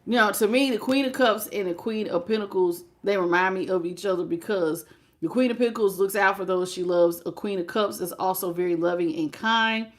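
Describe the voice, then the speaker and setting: Her voice is medium in pitch and fairly quick as she runs a live tarot reading stream. Addressing the listener directly, she welcomes viewers by name and calls them sweetheart and baby.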